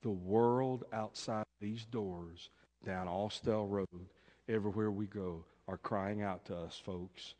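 A male pastor preaching a sermon, acting out a story theatrically and swinging between loud proclamations and hushed asides. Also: fairly low pitch, fairly even intonation, slow pace. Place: church sanctuary. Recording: long reverb in a church.

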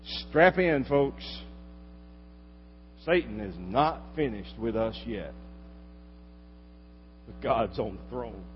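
A pastor delivering a sermon, swinging from loud exhortation to quiet asides. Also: male voice, mid-range voice, lively intonation, takes it slowly, pauses often. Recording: dull lo-fi recording with long hall reverb and faint hum.

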